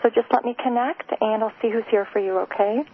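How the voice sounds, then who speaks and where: A woman hosting a live call-in radio show, giving psychic readings in a hesitant, soft, emotional way with many fillers. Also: a little high, fairly even intonation, fairly quick. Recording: tinny phone-like radio sound, faint noise.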